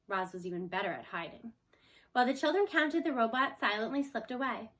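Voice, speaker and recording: A woman reading a children's novel aloud expressively, slowing for chapter titles. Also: fairly high pitch, lively intonation, a bit bright. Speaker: storyteller.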